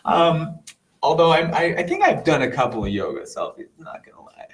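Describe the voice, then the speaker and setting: A man telling an earnest personal story in a casual way, animated and full of sound-effect words, sometimes dropping to a soft near-whisper. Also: fairly high pitch, normal speed, low-quality recording. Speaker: meditation teacher.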